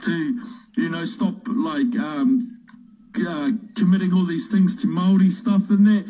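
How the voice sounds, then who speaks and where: A man rants in a played clip, swearing and rambling. His voice is high for a man and husky, with a dark, mellow tone. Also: steady tone, a little slow, low-quality recording. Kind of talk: angry rant to camera.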